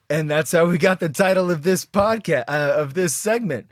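Young male podcast co-host, casual storyteller, laughs through his stories, slightly high voice. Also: fairly quick, no room sound, studio quality. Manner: laughs often while telling a story.

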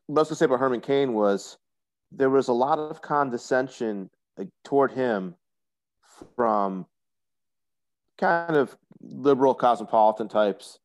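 A man's voice: fairly low pitch, darkish tone. A man talking as a guest on a casual podcast, opinionated and explanatory. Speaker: guest commentator.

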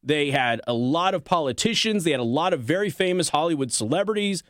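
A man's voice: fairly high pitch, expressive, fairly quick, fairly bright tone, no room sound, clean studio sound. Sarcastic male political commentary host. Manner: sarcastic, combative asides between read passages. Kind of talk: reading news articles aloud with commentary.

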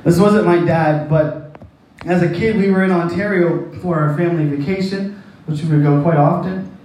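Folksy high-voiced man preaching in echoey hall. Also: steady tone, normal speed, darkish tone, a little hiss or hum. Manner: rambling, folksy, laughs at own jokes. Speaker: pastor. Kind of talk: sermon with a personal story. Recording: echoey hall, distant mic.

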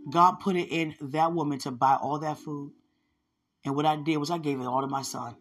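A woman's voice: low voice, fairly even intonation, normal speed, husky, soft background music. A woman hosting a podcast, telling her personal testimony in an earnest, conversational way and speaking straight to her listeners. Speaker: podcast host sharing a testimony.

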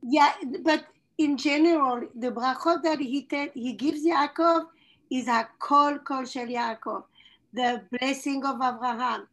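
A woman's voice: sits high, unhurried, a bit bright, low-quality recording. A woman answering in an online class, speaking hesitantly and using Hebrew terms. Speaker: class participant. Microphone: video call.

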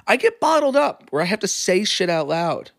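High, animated man chatting casually. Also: moderate pace, gravelly, no echo, clean studio sound. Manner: candid, swears freely, rambling. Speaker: podcast co-host. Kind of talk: casual chat.

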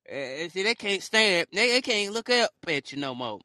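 Bright, dry-voiced man riffing casually. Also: high-pitched, big pitch swings, moderate pace, few pauses, dry recording. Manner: rambling, joking, laughs often, mocks haters in put-on voices. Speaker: podcast host. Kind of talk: casual motivational monologue.

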